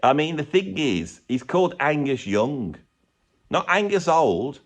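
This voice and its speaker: A man's voice: on the high side, sing-song, a little slow. Sarcastic man ranting. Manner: rambling, sarcastic, self-mocking. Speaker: YouTube commentator. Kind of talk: comedic ranting commentary.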